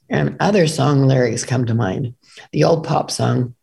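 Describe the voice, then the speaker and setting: Middle-aged woman co-host, earnest, gravelly and dark-toned. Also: rumbling low, moderate pace. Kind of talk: casual conversational talk.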